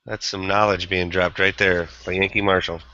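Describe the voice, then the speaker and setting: A man's voice: deep voice, little pitch movement, normal speed, pushed and bright, dull audio. A man hosting a casual online chat show, easygoing and jokey. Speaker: host.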